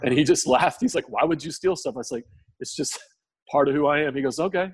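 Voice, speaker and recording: A man giving an emotional personal testimony in a podcast interview, tearful, earnest and halting, with many restarts. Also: fairly high pitch, husky, no echo. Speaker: guest sharing testimony.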